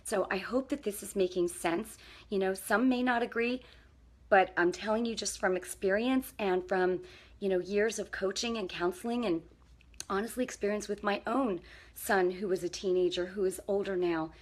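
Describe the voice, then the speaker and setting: A woman's voice: medium pitch, moderate pace. Woman, middle-aged, parenting coach, casual faith-based talk to camera, earnest, encouraging, mid-range voice. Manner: earnest and encouraging, checks in with the viewer.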